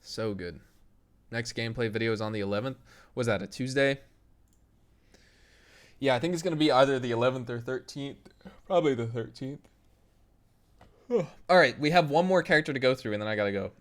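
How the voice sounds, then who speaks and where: A man's voice: medium pitch, a little fast, pauses often. A young man streaming live, chatting casually with his viewers, reading their messages aloud and laughing often. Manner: loose, laughing, reads chat aloud and tries impressions.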